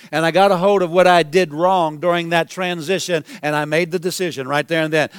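A man's voice: high voice, clear, resonant tone, no echo, clean studio sound. A man preaching a sermon as pastor, building to emphatic exclamations.

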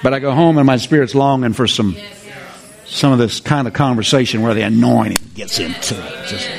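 A man's voice: medium pitch, brisk, vocal fry, a crowd in the background. A man preaching a sermon as pastor, exuberant and repetitive, often laughing.

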